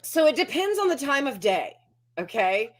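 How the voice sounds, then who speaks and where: A woman's voice: high-pitched, sing-song, normal speed. Chatty woman on a video call. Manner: chatty storyteller who acts out quotes. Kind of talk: casual chat.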